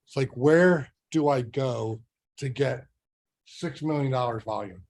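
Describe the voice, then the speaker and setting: A middle-aged real estate sales trainer leads a motivational business session for sales agents, speaking conversationally and constantly checking in with "right?" and other rhetorical questions. His pitch is squarely in the ordinary male middle, and his voice is a little slow and a little mellow.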